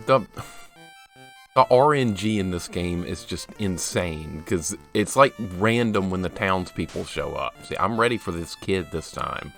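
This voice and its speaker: A man's voice: low voice, expressive, measured pace, gravelly, a bit bright, soft background music. A man streaming a video game live, chatting casually, greeting viewers by name and poking fun at himself. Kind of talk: casual live gameplay commentary.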